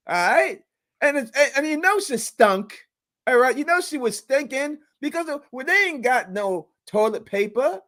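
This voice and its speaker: A man with a high voice that swoops up and down rants about a TV episode. He is emphatic and loud in his opinions. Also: lively intonation, moderate pace. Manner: emphatic, sweeping pitch. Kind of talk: casual recap chat.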